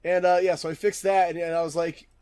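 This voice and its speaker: A man's voice: high-pitched, level tone, darkish tone, clear, resonant tone. A man hosting a podcast, trading profane, jokey insults with his co-host in casual banter. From Connecticut. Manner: profane, jokey, quick comebacks.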